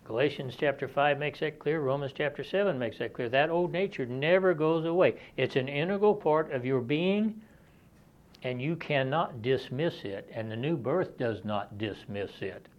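A man's voice: fairly high pitch, lively intonation, moderate pace. A man preaching an expository sermon, reading scripture aloud and explaining it in a conversational, plain-spoken way. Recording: dull lo-fi sermon recording.

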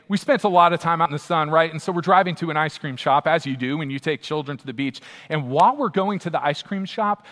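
A man in his thirties telling a funny, self-mocking story to a live audience in a large hall. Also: fairly high pitch. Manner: animated, self-mocking, punchy delivery. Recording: long hall reverb.

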